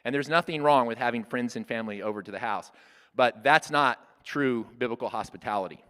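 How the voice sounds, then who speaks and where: A man in his sixties teaches in an earnest, plain-spoken way, sometimes restarting a phrase mid-thought. His voice sits at a middle pitch for a man. A long hall reverb trails after his words. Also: fairly quick, sharp tone, smooth. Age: 60s. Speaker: church workshop speaker. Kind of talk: conversational teaching talk.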